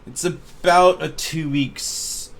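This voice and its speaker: A man voicing a wealthy, oddly energetic young woman archaeologist in a tabletop game, talking bluntly and brightly. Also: on the high side, gravelly, pitched above the performer's own voice, full character voice. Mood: chipper. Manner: bubbly, blunt, fast-talking.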